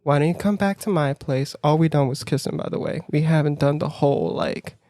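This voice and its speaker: A man from near New York in the United States co-hosts a casual podcast, telling a dating story in a slightly high voice at a fairly quick pace. Animated, he acts out his own reactions in quoted voices, laughs through the story, and uses "like" a lot, all in a dry, clean studio recording.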